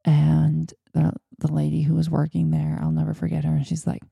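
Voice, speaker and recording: A woman's voice: sits low, completely flat delivery, moderate pace, gravelly, hardly any pauses, warm tone, breathy edge, no room sound, studio quality. A woman hosting a podcast, telling a personal story in a chatty, rambling way. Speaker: podcast host. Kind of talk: casual storytelling.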